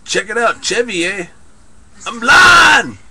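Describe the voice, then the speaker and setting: A man's voice: extremely high pitch, big pitch swings, moderate pace, vocal fry, noisy background, full character voice. A man voicing a laid-back stoner guy who drawls and ends his lines with "eh" in an improvised comedy sketch. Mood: goofy. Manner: tags "eh" onto lines, goofy and drawling.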